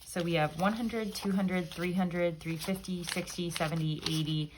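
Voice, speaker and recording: A woman's voice: on the low side, steady tone, normal speed, noisy background. A woman vlogger chatting casually and upbeat as she counts bills aloud, one by one. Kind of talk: casual chat while counting cash.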